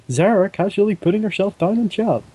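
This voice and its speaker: A man's voice: high voice, mellow, breathy edge, no echo. Jokey young man giggling on voice chat. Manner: jokey, giggly, quickly apologetic. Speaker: friend playing along on voice chat. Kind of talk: casual gaming chat.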